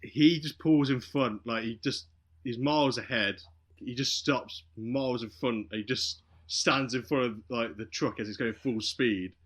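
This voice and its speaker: This man speaks in a middle register and takes his time, walking podcast listeners through a film's story in a relaxed way. He animates the retelling by voicing the characters' dialogue.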